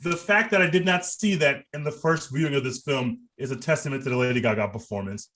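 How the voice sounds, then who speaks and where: A man's voice: medium pitch, quick pace, a bit bright. A man co-hosting a podcast, reviewing a movie in casual, profane and enthusiastic chat. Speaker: podcast co-host.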